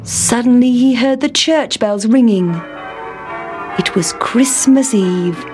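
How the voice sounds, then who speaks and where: Female storyteller, slow gentle reading, slightly high, music bed. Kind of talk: scripted narration of a children's story. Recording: music playing behind the voice.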